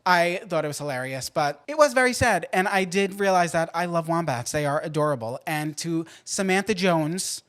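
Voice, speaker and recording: A man hosting a podcast in a casual, playful way, swinging between loud outbursts and quiet asides. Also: fairly high pitch, expressive, normal speed, few pauses. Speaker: podcast host.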